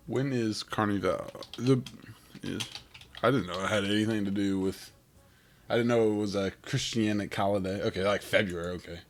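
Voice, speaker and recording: A man with a lowish, gravelly voice, still rough from waking up, talks his way through a game. He rambles and thinks out loud in a relaxed way. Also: moderate pace. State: rough morning voice. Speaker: game streamer. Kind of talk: casual gameplay commentary.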